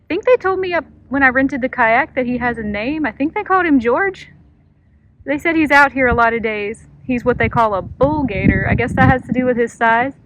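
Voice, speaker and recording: A woman's voice: high-pitched, animated, fairly quick, fairly bright tone, slight background noise, rough recording. A woman vlogging from a kayak on a creek, gushing and talking to her viewers. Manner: awed, gushing, talks to viewers. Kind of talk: kayaking vlog narration. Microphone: phone camera.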